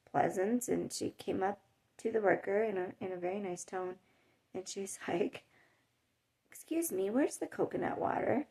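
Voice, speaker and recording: At home in a hot desert area, a woman vlogs about life with chronic illness, telling stories to camera in a chatty, rambling way with little laughs. Her mid-range voice is creaky, warm and husky.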